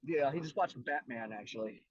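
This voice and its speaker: A man in a casual group chat in a room with several people, cracking dry, deadpan quips. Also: mid-range voice, moderate pace, lo-fi sound. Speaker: co-host. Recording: group chatter behind.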